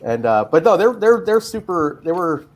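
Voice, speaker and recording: A man's voice: high voice, very animated, moderate pace, muffled recording. A man hosting a casual chat show, rambling with lots of fillers and restarts. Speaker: podcast host.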